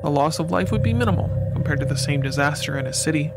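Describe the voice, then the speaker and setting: A man narrating a scripted horror story in a measured, deliberate way. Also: on the high side, lively intonation. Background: loud music.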